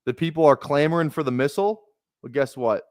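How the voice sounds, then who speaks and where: A young man hosting a casual live stream, talking fast in rambling bursts with restarts and plenty of swearing. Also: fairly high pitch, no echo, studio quality. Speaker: fantasy football streamer.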